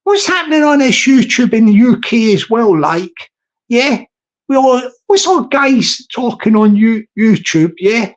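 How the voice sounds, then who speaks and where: A man's voice: very high-pitched, lively intonation, unhurried. A middle-aged man with a Scottish accent rambles in a casual live-stream chat as host, drifting between topics. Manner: rambling and digressive, with frequent restarts. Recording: slightly dull lo-fi recording.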